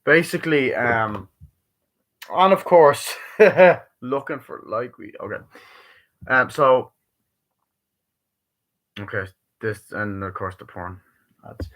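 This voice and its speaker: A man rambling through a casual live-stream movie review, swearing constantly and breaking into quick bits of acted-out dialogue. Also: medium pitch, lively intonation, a bit bright. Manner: acts out dialogue in quick bursts.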